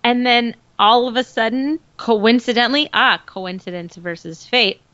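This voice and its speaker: A woman chatting casually about a TV episode, animated and laughing, often mimicking characters. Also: fairly high pitch, normal speed, dry recording. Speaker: podcast co-host. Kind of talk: casual TV recap chat. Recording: dull, lo-fi dry recording.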